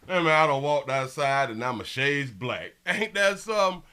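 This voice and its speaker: A man's voice: medium pitch, expressive, normal speed, sharp tone, clean tone. A man hosting a live show, giving loose, casual commentary on the news and talking straight to his viewers. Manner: loose, talks to viewers as "y'all", thinks aloud. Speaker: show host.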